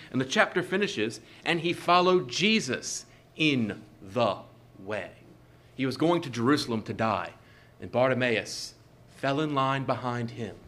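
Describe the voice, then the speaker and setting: Measured male preacher stressing repeated phrases. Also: medium pitch, fairly bright tone. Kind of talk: sermon.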